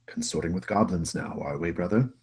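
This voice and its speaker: A man's voice: deep voice, brisk, darkish tone, slight background noise, close to an everyday voice. A man playing a haughty noble brother. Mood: condescending. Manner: condescending, curt commands.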